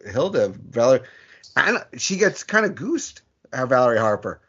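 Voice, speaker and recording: Man, New York accent, husky, bright tense tone, animated podcast co-host, lo-fi audio. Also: mid-range voice, normal speed. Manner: animated, acts out lines in quotes. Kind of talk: casual chat.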